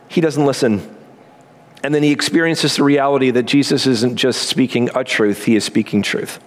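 A man preaching a sermon as pastor, earnest and emphatic, with quick asides and slow pauses. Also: medium pitch, steady tone.

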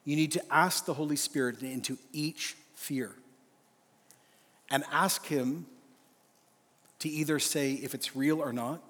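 A man's voice: mid-range voice, slightly rough. Earnest man preaching in a hall. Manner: earnest, emphatic, slows for a read-out prayer. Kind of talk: sermon. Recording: live hall reverb, faint music.

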